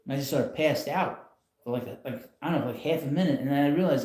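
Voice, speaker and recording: A man's voice: mid-range voice, fast, darkish tone, echoey room. A man hosting a casual live stream from home, talking in a rambling, blunt way with frequent chuckles. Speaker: channel host. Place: home, in a rocking chair.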